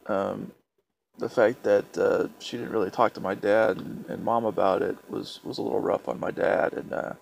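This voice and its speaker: A young man vlogging a personal story, speaking in a halting, hesitant way with many restarts, soft and subdued. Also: mid-range voice, gravelly, slight background noise.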